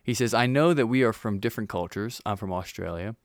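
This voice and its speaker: A male podcast host with a low, smooth voice chats casually and jokes with his co-host. He reads a listener's email aloud between laughs. The sound is dry and close, with soft guitar music underneath. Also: fairly quick, no room sound.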